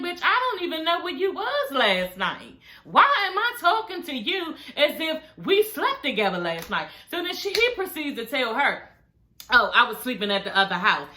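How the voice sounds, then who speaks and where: A woman's voice: a little high, pushed and bright. A woman vlogger casually recapping a reality show, sassy and profane, talking straight to her viewers. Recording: echoey room.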